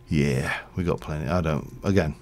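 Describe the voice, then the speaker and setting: A Yorkshire man with a mild accent streams a game, chatting and rambling, often correcting himself partway through a sentence. His voice is rumbling and low with a darkish tone, fairly even intonation and a normal speed, fitting casual livestream gameplay commentary.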